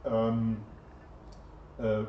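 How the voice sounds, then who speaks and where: A man's voice: fairly low pitch, monotone, extremely slow, a little hiss or hum. Guy lecturing, chatty, asks the class stuff, far off in an echoey room, muffled sound. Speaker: university lecturer. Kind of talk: interactive lecture. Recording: echoey, distant, dull lecture-room recording.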